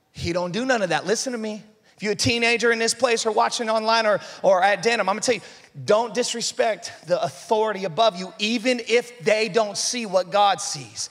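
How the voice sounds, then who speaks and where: Guy preaching a sermon, bright high voice, gets fired up and pushes hard, big echoey church hall. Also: normal speed. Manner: fervent, exhorting, conversational preaching with rising emphasis. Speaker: pastor.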